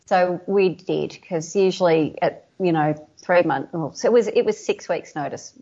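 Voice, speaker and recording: Lively Australian woman telling a story. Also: fairly low pitch, normal speed, dull audio. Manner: animated storyteller, laughs often, acts out quoted dialogue. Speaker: embroidery artist guest. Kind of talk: podcast interview storytelling.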